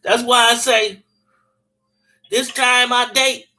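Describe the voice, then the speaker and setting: Man, casual storyteller, bright and forceful, blunt, profane street slang. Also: very high voice, flat delivery, slow pace, faint music behind.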